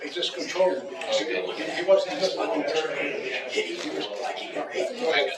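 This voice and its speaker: Leading a martial arts seminar on self-defense, this man jokes and repeats himself while walking through demonstrations in a big training hall. His voice is a little high and animated at a moderate pace, heard from a distance over a noisy crowd amid echo and loud room noise.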